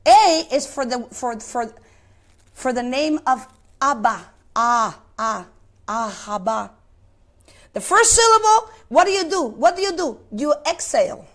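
Woman preacher, very high voice, sermon delivery, questions to the congregation, halting repeats. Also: animated. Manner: asks the congregation questions, repeats words while searching. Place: place of worship.

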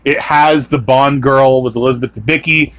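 Speaking at medium pitch with fairly even intonation, the man hosting this podcast talks at a moderate pace in a fairly bright tone. It's loose, rambling conversation, peppered with fillers and restarts.

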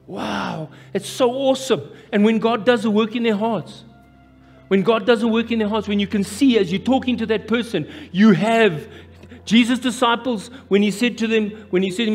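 High-voiced South African preacher. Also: male voice, moderate pace. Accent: South African, Afrikaans-influenced. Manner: impassioned, repeats phrases, preaching cadence. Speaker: pastor. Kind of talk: live sermon. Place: church hall. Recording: live church hall reverb with music.

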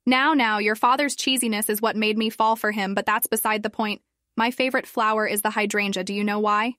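A patient, gentle mother who coaxes and soothes, as a woman reads her part. Her voice sits at a middling pitch. It sounds close and dry, like a storybook reading. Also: fairly even intonation, a little fast, dry recording, natural voice. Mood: soothing. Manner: soothing, coaxing.

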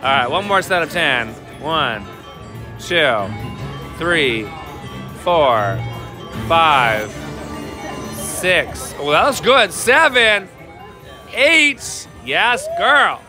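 A high-pitched man with a lively, bouncing delivery, joking and laughing as he hosts a casual live stream. He reads chat aloud over loud slot machine music on a casino floor. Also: drawn-out words, long pauses. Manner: playful, laughs often, teasing banter.

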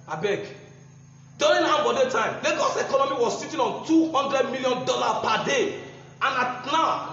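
A man with a Nigerian accent delivers a combative, mocking political speech, repeating phrases for emphasis. His voice sits high and a bit bright. The room is echoey, and the sound is dull and lo-fi with faint noise.

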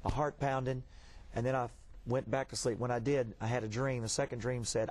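Male pastor, mid-pitched voice, earnest testimony, plain telling. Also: fairly even intonation, brisk, a little mellow. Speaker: pastor guest. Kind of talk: testimony on a talk show.

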